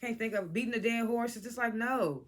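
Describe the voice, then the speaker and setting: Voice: medium pitch, fairly quick. A vlogger giving a casual, blunt spoken review of a reality TV episode, using speech and acting out what the cast said. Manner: animated, blunt, swears freely, quotes cast members.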